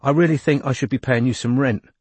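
A man reading an audiobook voices a tense, guarded young man with a flat London accent. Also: medium pitch, quick pace, husky, no echo, voice pushed up, lightly acted.

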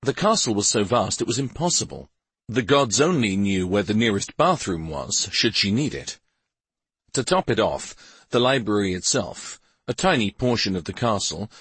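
Low, husky male audiobook narrator. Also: fairly bright tone, no room sound. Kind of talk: scripted fantasy narration.

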